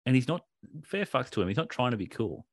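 A man co-hosting a podcast in casual chat, animated, swearing and laughing often. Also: mid-range voice, fast, no echo, studio quality. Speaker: podcast co-host.

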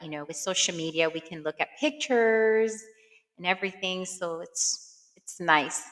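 A woman in her thirties talks casually on her podcast, full of fillers and openly emotional. Her voice sits low for a woman but sounds bright and forward. A long reverb trails behind her words. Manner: chatty and warm-hearted, many fillers, emotional at times. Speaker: podcast host. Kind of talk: casual personal chat.

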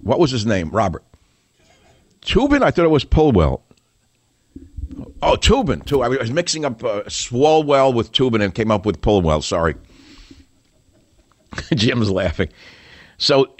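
Male talk radio host, low voice, sarcastic combative rant, dry studio sound. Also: dry recording. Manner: sarcastic, combative ranting with sudden pitch jumps.

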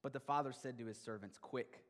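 A man preaching a sermon, retelling a parable with animated energy and repeated rhetorical questions. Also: medium pitch, fairly quick, in a large hall. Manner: animated storytelling, voicing the father with rising excitement. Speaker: pastor.

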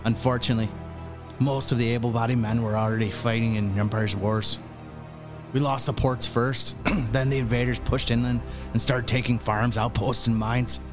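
A man doing a gruff Irish-sounding dwarf warrior. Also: medium pitch, level tone, normal speed, over music, lightly acted. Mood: grim. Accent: Irish, put on. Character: gruff battle-worn male dwarf warrior. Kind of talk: tabletop game character monologue.

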